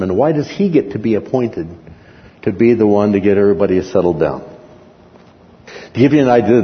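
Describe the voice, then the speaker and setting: A man teaching a Bible class in a lively, conversational way, often checking in with his listeners, on a muffled recording in a reverberant hall. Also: fairly low pitch.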